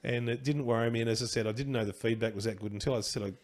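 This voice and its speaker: Fast-talking Australian man spinning yarns. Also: mid-range voice, fairly even intonation. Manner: rambling, chuckling, loose slangy delivery with restarts. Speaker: podcast guest. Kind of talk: casual anecdotal storytelling.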